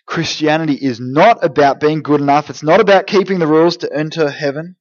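A man giving a lively, jokey youth group talk, speaking straight to teenagers. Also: a little high, a little fast, dull audio. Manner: energetic, jokey, direct address to teens. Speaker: youth pastor.

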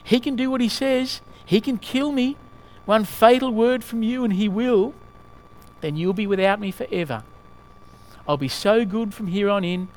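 A man's voice: high-pitched, normal speed, a little mellow, pitched above the performer's own voice, close to an everyday voice, poor audio. A man voicing a small red lizard that chatters and pleads for its life. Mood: wheedling. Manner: wheedling, pleading.

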